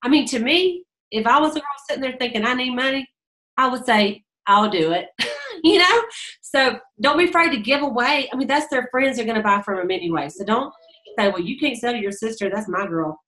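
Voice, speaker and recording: A woman's voice: high voice, expressive, brisk, pushed and bright, poor audio. Chatty woman telling sales stories. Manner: chatty storytelling, acts out dialogue, laughs often. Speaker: beauty sales director. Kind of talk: casual advice monologue.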